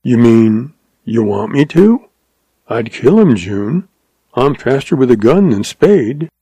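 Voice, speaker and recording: A man voicing a quiet, steady young cowboy who speaks slowly. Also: mid-range voice, slightly rough, no room sound, exaggerated voice. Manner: slow, quiet.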